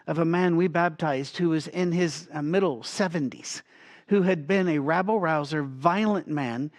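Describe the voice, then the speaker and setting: A middle-aged male pastor preaching a sermon, telling stories in an earnest, unhurried way. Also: a little high.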